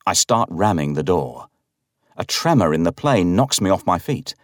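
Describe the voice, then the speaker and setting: A man with a very deep voice reads a horror story aloud in the first person. His delivery is dramatic and swings widely in pitch. The recording is dry and close, with no room sound. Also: moderate pace, no echo. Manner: dramatic, expressive reading.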